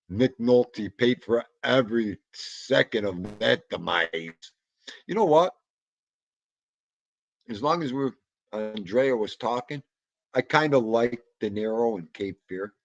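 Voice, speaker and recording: A man's voice: mid-range voice, animated, slow pace, no echo, muffled recording. A man hosting a casual livestream, rambling about old movies, muttering asides to himself and greeting chat. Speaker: livestream host.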